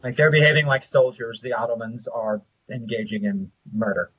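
A man narrating as game master, describing scenes and rulings in a measured way with frequent pauses. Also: mid-range voice, breathy edge. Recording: dull lo-fi audio.

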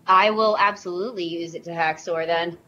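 A woman playing in a tabletop game, declaring her actions hesitantly, with many pauses. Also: on the low side, steady tone, sharp tone, faint music behind. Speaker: player. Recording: dull lo-fi audio with faint noise.

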